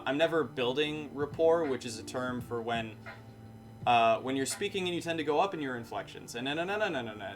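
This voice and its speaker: A man chats on a live stream in a plain, matter-of-fact way. His sentences drop at the end instead of lifting, and he wanders and corrects himself as he goes. Guitar music plays clearly under his voice. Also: medium pitch, fairly bright tone. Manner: matter-of-fact, falling inflections; rambling, self-correcting. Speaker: streamer and bartender. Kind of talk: casual live-stream chat. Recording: music playing behind.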